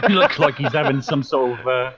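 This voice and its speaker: A man's voice: medium pitch, animated, normal speed, muffled recording, a loud crowd. An Australian man co-hosting a casual group chat over a video call. He banters and laughs often.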